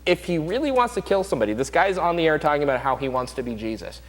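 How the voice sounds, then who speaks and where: A man hosting an opinion talk show, arguing his points emphatically and rapidly. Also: on the high side, expressive, big-room sound, poor audio. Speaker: show host.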